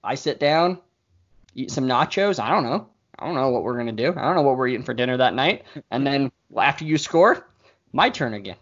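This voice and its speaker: A man in a casual chat, teasing a friend and telling stories in an animated way. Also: mid-range voice, fairly quick. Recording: dull lo-fi audio.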